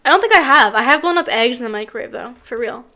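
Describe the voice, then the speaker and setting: Giggly high-voiced young woman streamer. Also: lively intonation, quick pace, bright, forceful tone. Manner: giggly, chatty, reading chat aloud. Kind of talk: casual chat.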